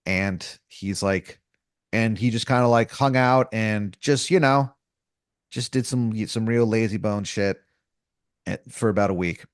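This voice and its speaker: A man's voice: on the low side, unhurried, clear, resonant tone, dry recording, studio quality. A man running an improvised comedy story as game master, rambling and casual with lots of fillers, restarts and crude slang.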